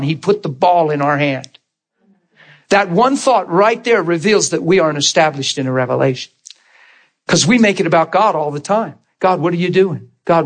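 With a high, fairly bright voice, a middle-aged man gives a conversational sermon to a small class. He acts out prayers and God's replies in quoted voices and asks the listeners to agree with him.

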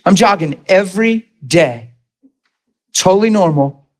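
Animated preacher telling a story. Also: male voice, high-pitched, a little slow. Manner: animated storyteller, acts out voices, laughs. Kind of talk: sermon with personal story.

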